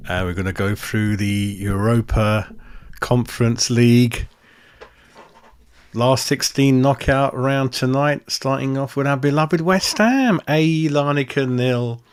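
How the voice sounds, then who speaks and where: A man's voice: mid-range voice, takes it slowly, smooth. A man hosting a casual live-stream football match review, blunt and laughing, swearing and calling everyone mate. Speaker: football fan channel host. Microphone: desk microphone.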